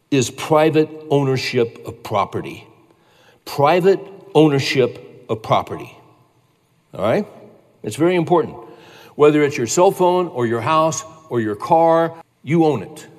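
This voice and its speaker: A man teaching a sermon, conversational and emphatic, telling a personal story and repeating key phrases. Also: medium pitch. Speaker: pastor. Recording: reverberant hall.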